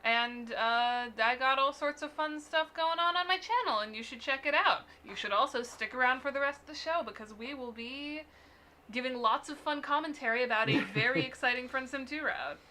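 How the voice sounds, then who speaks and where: A woman's voice: high-pitched, normal speed, bright, forceful tone. A woman hosting her own livestream, upbeat and jokey in casual chat. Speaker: channel host and voice actor.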